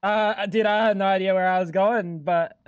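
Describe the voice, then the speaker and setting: A man's voice: high voice, fairly even intonation, normal speed, smooth, dry recording, muffled recording. A man, chatting crudely and rambling as he jokes with his livestream chat. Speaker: streamer. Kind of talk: casual gaming livestream chat.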